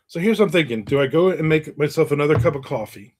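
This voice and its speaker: A man's voice: a little high, expressive, fast talker, a little mellow. A man hosting a casual livestream, reading viewer comments aloud and rambling in a joking, self-mocking way. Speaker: livestream host.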